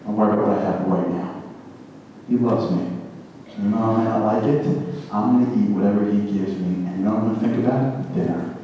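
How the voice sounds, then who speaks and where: A man's voice: on the low side, steady tone, a little fast, far from the mic, muffled recording, a little hiss or hum. Man preaching in an echoey hall. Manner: dramatic, repetitive, acts out quoted voices. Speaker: motivational speaker. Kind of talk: inspirational talk.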